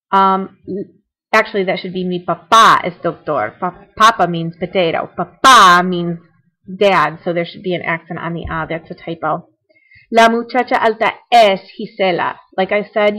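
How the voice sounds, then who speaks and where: Young woman teacher, mid-pitched, narrating a screencast lesson, chatty and repetitive explanations. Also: fairly bright tone, poor audio. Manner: explanatory, repeats points, conversational asides. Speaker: Spanish teacher. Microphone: computer mic for screencast.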